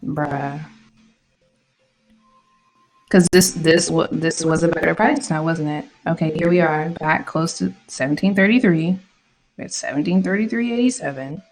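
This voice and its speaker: A woman's voice: deep voice, moderate pace, long pauses, faint music behind, rough recording. A woman vlogging her trades in casual live commentary, slangy and irritated, swearing often. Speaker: trading vlogger.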